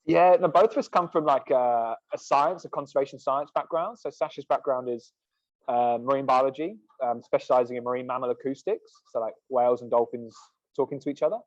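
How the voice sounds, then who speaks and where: A man's voice: mid-range voice, a little fast, dry recording. A man in his thirties, a podcast guest chatting casually and rambling with lots of "like" and "um". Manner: relaxed, rambling, heavy on "like" and "um". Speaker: guest, sunscreen company co-founder. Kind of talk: casual chat. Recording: dull, dry podcast recording.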